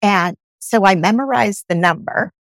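A woman guest on a podcast, telling her own story in a lively way and acting out the dialogue she quotes. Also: medium pitch, a little slow, no echo.

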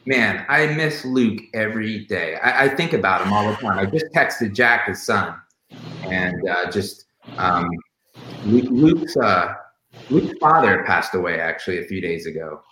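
A man's voice: on the low side, animated, a little slow, bright, forceful tone, echoey room, a little hiss or hum, rough recording. A man casually telling personal stories about a late friend, with many fillers and restarts. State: emotional, near tears. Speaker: guest sharing memories of a late friend. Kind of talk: casual storytelling on a podcast.

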